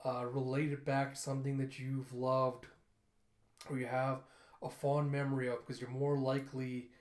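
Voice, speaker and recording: A man reviewing and recapping a manga chapter in a chatty, enthusiastic way, often laughing and filling pauses with "you know" and "uh.". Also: mid-range voice, little pitch movement, a little mellow, echoey room.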